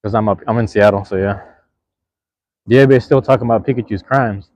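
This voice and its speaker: A young man hosts a live stream, chatting loosely with his viewers in a slangy, rambling way. His voice sits low, and the sound is dry and close. The stream audio is a little dull and lo-fi. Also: steady tone, brisk, darkish tone, no echo. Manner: laid-back, slangy, rambling. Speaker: livestream host. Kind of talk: casual live chat with viewers.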